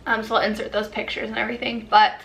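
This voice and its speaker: A woman's voice: fairly high pitch, little pitch movement, fast talker, gravelly, a bit bright. A young woman vlogger telling a personal story in a candid, chatty way, with many fillers. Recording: echoey room.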